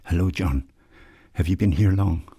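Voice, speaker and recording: A man putting on a soft-spoken old Irishman. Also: deep voice, moderate pace, husky, dry recording, studio quality, exaggerated voice. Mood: gentle. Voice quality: soft, gentle brogue. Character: gentle elderly Irish man, soft priestly tones.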